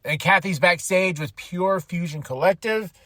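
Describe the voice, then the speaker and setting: Podcast host, male, fairly high voice, excitable and chatty, laughs a lot. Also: normal speed, dry recording, clean studio sound. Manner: animated, laughs often, acts out quotes. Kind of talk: casual wrestling recap.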